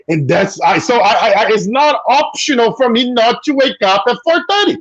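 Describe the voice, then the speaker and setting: Animated Brazilian-accented man, high lively voice. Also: normal speed, hardly any pauses, dry recording, highs cut off. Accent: Brazilian Portuguese. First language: Portuguese. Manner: animated storyteller, swears casually, acts out voices. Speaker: guest. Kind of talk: casual chat on a video call.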